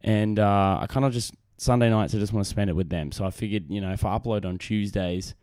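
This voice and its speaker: Laid-back Australian dad on a podcast. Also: male voice, fairly low pitch, steady tone, fast talker, a little mellow, dry recording, studio quality. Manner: rambling, self-deprecating, frequent restarts and fillers. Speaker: podcast host. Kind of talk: casual solo podcast chat. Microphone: desk microphone on camera.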